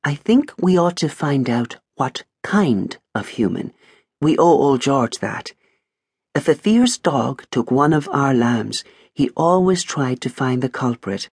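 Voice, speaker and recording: A man's voice: mid-range voice, lively intonation, a little mellow, breathy edge, dry recording, clean studio sound, pitched above the performer's own voice, full character voice. A man voicing a shrewd, composed female sheep who reasons carefully. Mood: resolute. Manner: measured and reasoning.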